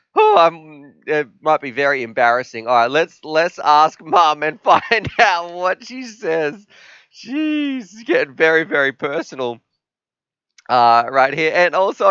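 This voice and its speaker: A man's voice: on the high side, sharp tone, smooth, dry recording. An Australian man hosting a casual live stream at home, chatty, reading out viewer comments and laughing easily. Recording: dry, slightly dull lo-fi sound.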